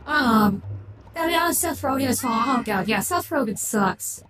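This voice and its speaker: A woman's voice: fairly high pitch, animated, moderate pace, crowd noise. A woman streamer chatting casually on a livestream, rambling and opinionated, often restarting her sentences. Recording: echoey room with clear background noise.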